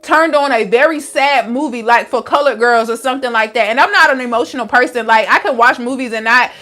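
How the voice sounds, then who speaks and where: A woman's voice: on the high side, brisk, bright, forceful tone. A young adult woman, a wellness coach, talking frankly and casually to viewers with lots of slang. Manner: frank and chatty, with frequent "like" and slang. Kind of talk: casual live-stream talk answering viewers.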